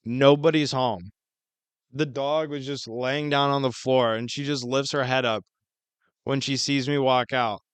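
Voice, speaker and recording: A man's voice: medium pitch, fairly even intonation, unhurried, clean tone, dry recording. A young man co-hosting a podcast, telling a long story in casual chat, swearing a lot. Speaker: podcast co-host.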